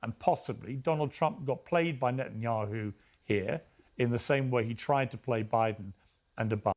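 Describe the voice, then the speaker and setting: A man giving a measured political analysis on a talk show, hypothesizing carefully about outcomes. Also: mid-range voice, darkish tone. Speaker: political commentator.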